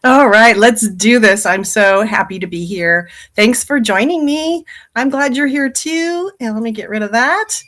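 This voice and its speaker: A woman's voice: fairly high pitch, lively intonation, measured pace, a bit bright. A middle-aged woman, a hypnotherapist and business coach, giving a chatty, upbeat live training talk and laughing easily.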